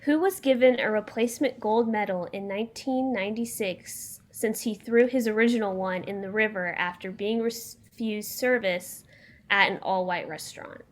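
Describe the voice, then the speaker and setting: A woman's voice: mid-range voice, normal speed. A young woman hosting a casual podcast quiz and reading the questions out plainly. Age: young adult. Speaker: quiz host.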